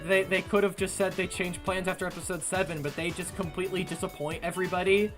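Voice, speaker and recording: A young man streaming casually, ranting loud and exasperated and repeating himself. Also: sits high, level tone, fast talker, over music. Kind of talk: casual chat on a livestream.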